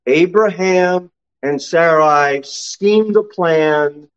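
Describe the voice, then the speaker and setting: A man preaching a sermon as pastor, swinging from low, quiet asides to high, ringing exclamations. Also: slow, smooth, dull audio.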